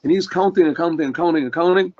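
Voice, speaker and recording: A male rabbi telling a story in an earnest sermon, often clearing his throat. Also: a little high, fast, darkish tone. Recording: dull lo-fi recording.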